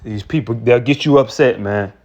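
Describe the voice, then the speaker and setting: A man's voice: mid-range voice, moderate pace, a little mellow. A man preaching in a heated, profane rant, often repeating and restarting words. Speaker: street preacher. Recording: dull lo-fi recording.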